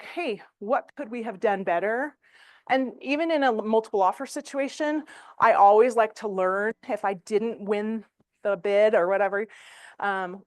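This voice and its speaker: A middle-aged woman teaching real estate agents in a training room, chatty and animated, with fillers. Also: mid-range voice, no echo, studio quality. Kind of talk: classroom training talk.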